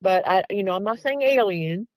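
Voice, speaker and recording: A woman's voice: mid-range voice, animated, moderate pace, dry recording, low-quality recording. Chatty woman retelling an encounter. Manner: retells events by acting out back-and-forth dialogue; chatty, with frequent "um" and "like". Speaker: guest Bigfoot researcher. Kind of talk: casual storytelling in an interview.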